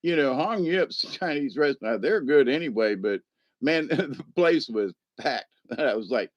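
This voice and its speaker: A man's voice: medium pitch, lively intonation, a little slow, dry recording. A man hosting a casual livestream, rambling through stories, laughing often and answering the chat. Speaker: livestream host.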